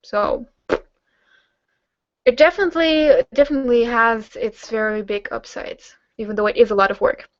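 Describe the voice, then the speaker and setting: A woman's voice: on the high side, moderate pace, dry recording, lo-fi sound. A young German woman hosting a casual Q&A hangout, chatting with lots of fillers and restarts. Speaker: host; teacher-training student.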